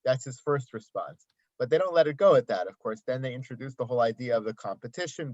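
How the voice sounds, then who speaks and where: A man's voice: medium pitch, animated, fast talker, darkish tone, no room sound. A man giving a daily Torah commentary lesson, explaining the text and asking rhetorical questions. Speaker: Torah teacher. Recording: dry, slightly dull sound.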